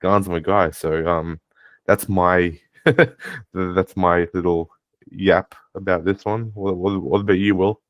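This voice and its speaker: Low-voiced man with a self-described monotone. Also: takes it slowly, no room sound. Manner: calls his own voice monotone, with mild swearing and restarts. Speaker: podcast co-host. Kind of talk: casual podcast chat.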